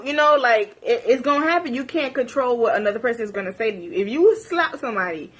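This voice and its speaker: A woman's voice: fairly high pitch, husky. A young woman vlogger chatting animatedly through a gossipy episode recap, breaking into laughs and squeals.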